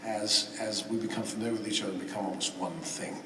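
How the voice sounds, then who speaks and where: A man on a convention panel answering a question in a measured, earnest way. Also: lowish voice, flat delivery. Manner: measured, earnest, lets his sentences trail off softly. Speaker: voice actor panelist. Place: large convention hall. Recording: echoey hall, miked from far off.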